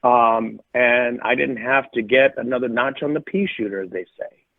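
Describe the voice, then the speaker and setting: The middle-aged podcast co-host chats and tells stories in a casual, emphatic way, driving home phrases by repeating them. His voice is mid-range at a normal speed, and the audio comes through a tinny, phone-like line.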